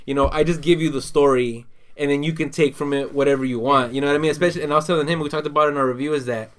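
A man's voice: on the high side, fairly even intonation, very fast. A man co-hosting a podcast in casual chat, rambling with lots of fillers. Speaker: podcast co-host.

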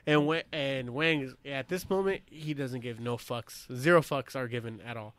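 A man telling profane, laughing stories about his time as a young Marine, acting out the people he quotes in loud bursts. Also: mid-range voice, moderate pace, dry recording. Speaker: veteran telling war stories. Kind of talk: casual storytelling chat.

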